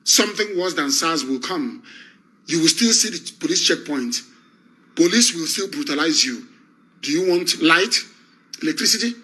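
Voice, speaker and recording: A man's voice: a little high, expressive, normal speed, pauses often, pushed and bright, poor audio. A man with a Nigerian accent giving an impassioned broadcast address as a preacher, fiery, repetitive and commanding.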